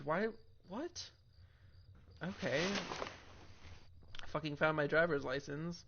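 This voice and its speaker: A man's voice: on the high side, takes it slowly, vocal fry, long pauses, a bit bright, lo-fi sound. A young man playing a horror game, reading its text aloud and swearing at it in frustration. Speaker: gaming video host. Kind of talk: horror game let's play.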